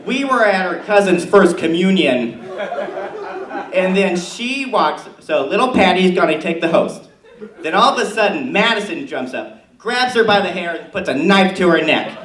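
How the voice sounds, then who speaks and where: A man's voice: high voice, expressive, normal speed. A man doing a brash gossipy suburban mom. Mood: brassy gossip. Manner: chatty, rambling, loud and oblivious. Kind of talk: stand-up character bit. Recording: echoey room, mic far off, noisy.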